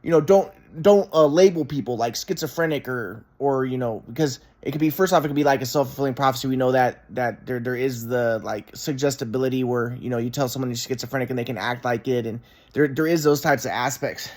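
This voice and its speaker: A man's voice: mid-range voice, steady tone, fast talker. A man in a rambling, casual monologue, often restarting and repeating himself, frustrated and swearing.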